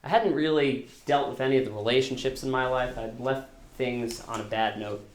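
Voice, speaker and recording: Speaking at a moderate pace with a medium-pitched voice, a man tells a true story on stage at a storytelling concert. The sound is roomy, and his delivery is conversational and self-deprecating, marked by frequent restarts.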